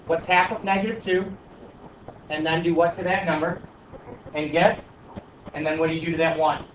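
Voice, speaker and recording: A man's voice: on the high side, steady tone, normal speed. Man teaching math in an echoey classroom. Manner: questioning, coaxing students. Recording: echoey classroom from far off, dull, light noise.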